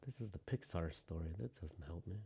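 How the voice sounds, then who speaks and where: A male teacher giving a relaxed, chatty lecture to his class, with joking asides and thinking out loud as he goes. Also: deep voice, brisk, gravelly, a little hiss or hum.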